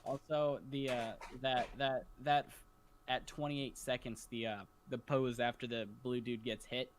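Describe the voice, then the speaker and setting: A co-host on a casual livestream, giving animation feedback in a halting way. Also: mid-range voice, little pitch movement, slight background noise. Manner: halting, restarts often.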